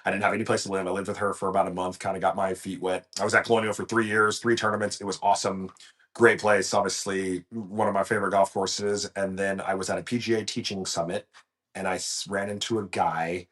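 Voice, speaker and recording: Golf pro guest, man, very low voice, lively storyteller who often restarts sentences. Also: fast talker. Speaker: golf professional, podcast guest. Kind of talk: casual storytelling interview.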